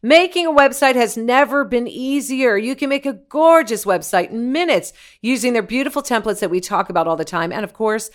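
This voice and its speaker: Woman, slightly high voice, upbeat, enthusiastic, podcast co-host, ad read. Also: animated, a little fast, few pauses. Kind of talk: casual chat and host-read ad.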